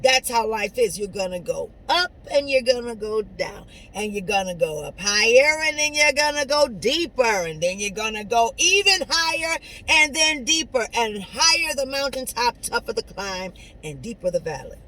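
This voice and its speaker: A woman giving an inspirational talk straight to her viewers, preachy and conversational, swinging between soft asides and loud emphatic lines. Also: on the high side, sing-song, moderate pace, few pauses, poor audio. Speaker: motivational speaker. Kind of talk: inspirational monologue to camera.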